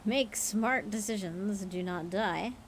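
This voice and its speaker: A woman's voice: mid-range voice, slow pace, slight background noise, low-quality recording. Woman reading folk tales aloud. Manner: casual, playful, tired late in the stream. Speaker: streamer reading stories. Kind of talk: storytelling livestream.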